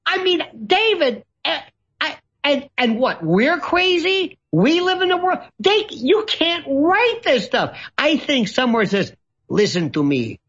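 A man's voice: extremely high pitch, very animated, a little slow, a bit bright. A man speaking as a guest commentator, theatrical and sarcastic, with an ornate vocabulary and mocking put-on voices. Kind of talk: ranting talk-show commentary. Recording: dull lo-fi audio.

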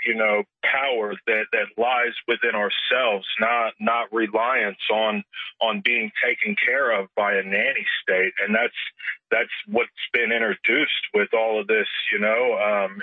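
A man's voice: fairly low pitch, fairly even intonation, unhurried, no room sound. A man calling in to a radio show, talking earnestly and hesitantly with lots of fillers. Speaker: caller. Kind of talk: phone-in call. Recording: tinny phone line.

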